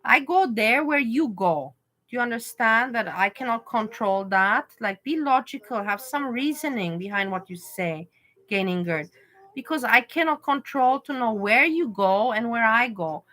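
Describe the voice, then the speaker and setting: Bright-voiced woman chatting on a livestream. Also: a little high, animated, normal speed. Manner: pleading, reasoning with a chat viewer. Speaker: livestream host. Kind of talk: casual livestream chat to viewers.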